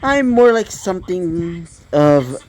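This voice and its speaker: A man's voice: high voice, very animated, slow, darkish tone, a little hiss or hum, voice pushed up, exaggerated voice. A man voicing a playful, polite female monster with horns and a tail.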